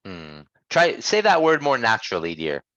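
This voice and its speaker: A man runs a pronunciation lesson and patiently corrects his students. He models each sound slowly and clearly. The recording is dull and lo-fi, and very dry. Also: fairly low pitch, huge pitch swings, pushed and bright, dry recording. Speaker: English pronunciation teacher. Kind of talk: online language lesson.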